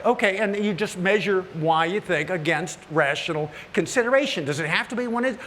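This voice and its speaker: A man tells folksy, joking stories to a live audience, his voice high and bright. He gets more animated as he warms up, and a faint hall ambience sits behind him. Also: a little fast, hardly any pauses, slight background noise. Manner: folksy, animated, joking, often rising high when worked up. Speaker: woodworking TV host giving a stage talk. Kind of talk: humorous storytelling to a live audience. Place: large hall at a woodworking event. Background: audience laughter.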